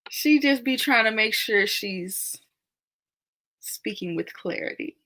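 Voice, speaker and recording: A young woman hosts a relaxed live chat and answers viewer comments one by one. Her voice is bright and clear, and she laughs often. She keeps the talk loose and chatty. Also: on the high side, takes it slowly. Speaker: live stream host.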